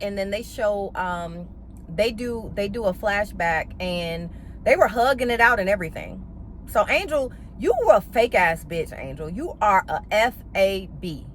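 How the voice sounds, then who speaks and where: A woman's voice: medium pitch, slight background noise. A woman giving a casual, blunt and profane recap of a reality TV episode, full of sassy slang. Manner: animated, with playful slang.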